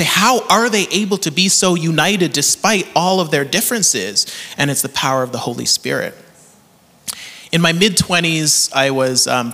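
A man's voice: medium pitch, bright, forceful tone, big-room sound. A man in his thirties with a Canadian accent, preaching a sermon in an earnest storytelling way, laughing often. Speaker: pastor.

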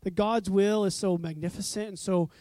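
A woman's voice: medium pitch, fairly even intonation, normal speed, warm tone, no echo. A woman preaching a conversational sermon, telling stories with animation and acting out voices. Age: adult parent.

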